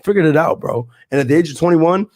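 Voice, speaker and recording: Fast-talking young man telling his story. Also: fairly high pitch, darkish tone, no echo, clean studio sound. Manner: fast, emphatic, street slang. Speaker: podcast guest, real estate investor. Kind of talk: casual storytelling and explaining.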